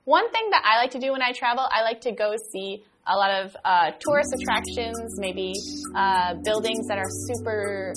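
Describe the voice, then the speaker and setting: A woman's voice: mid-range voice, lively intonation, moderate pace, hardly any pauses, over music. A woman with an American accent co-hosting an English lesson, chatting and laughing easily during a casual conversation game.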